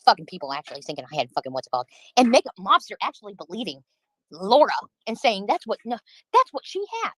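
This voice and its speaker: A woman's voice: mid-range voice, very animated, quick pace, no room sound, rough recording. A woman livestreaming, venting in a heated, profane rant while answering her chat.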